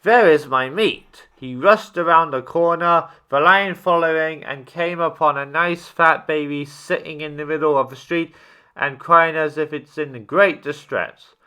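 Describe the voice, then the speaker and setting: A man reading a children's story aloud, steady with small slips and restarts. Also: fairly high pitch, measured pace, clean tone.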